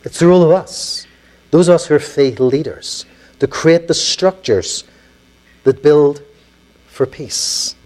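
A man with a Belfast accent, a minister giving a public lecture, telling stories in an earnest, measured way and pausing on key words. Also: fairly high pitch, darkish tone, rough recording.

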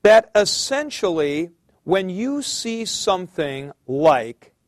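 A male teacher with a high voice gives a classroom lecture at an unhurried pace. He explains patiently, calls on students by name and thinks aloud as he works through a point. The sound is dry and close, with no room echo. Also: very animated. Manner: thinks aloud with fillers and restarts.

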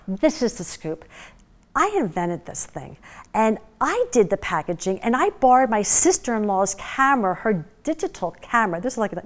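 A woman giving a talk to a class, telling a story in a chatty way, full of fillers, and acting out the voices of the people she quotes. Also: fairly high pitch. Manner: chatty, with many fillers like "you know" and "like". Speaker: guest speaker.

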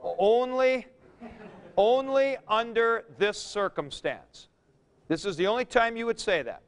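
Folksy, emphatic high-voiced male teacher. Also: animated, unhurried, smooth. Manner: folksy, emphatic, thinks aloud with examples. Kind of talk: classroom grammar lecture.

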